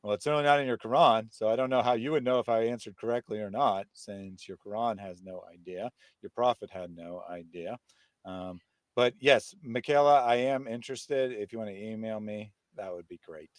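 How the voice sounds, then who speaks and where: A man's voice: on the low side, a little fast, no echo. Man, live-stream host, mocking, combative, dry sound. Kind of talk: live-stream debate chat, reading viewer comments.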